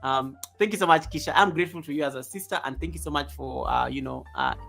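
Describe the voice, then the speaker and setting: An animated male live stream host. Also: a little high, fast talker, vocal fry, soft background music. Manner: animated, reads chat comments aloud, chuckles often. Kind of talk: casual live stream chat. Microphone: USB desk microphone.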